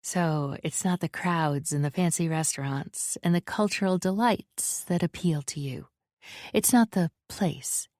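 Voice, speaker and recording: A woman's voice: lowish voice, measured pace, darkish tone, dry recording, clean studio sound, natural voice. A woman reading as a curious, teasing young captive. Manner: curious, probing questions. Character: perceptive, gently teasing young woman prisoner.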